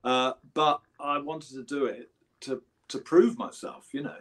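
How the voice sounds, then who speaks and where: A man's voice: fairly high pitch, steady tone, measured pace, a bit bright, rough recording. A man in his seventies with an English accent, a guest musician telling rambling anecdotes and correcting himself as he goes. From England. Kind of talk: casual storytelling interview.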